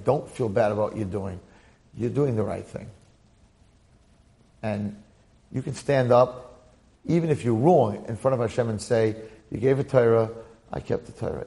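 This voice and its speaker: Gravelly man giving an animated Torah class. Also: fairly low pitch. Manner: animated storytelling with repeated phrases and acted quotes. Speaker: rabbi teaching the weekly Torah portion.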